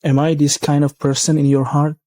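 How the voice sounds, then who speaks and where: An actor dubbing a devoted, possessive young man who speaks softly but insistently. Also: on the high side, little pitch movement, brisk, no echo, clean studio sound, close to an everyday voice. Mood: tender. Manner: soft, insistent. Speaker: wealthy male lead. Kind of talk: dubbed drama acting.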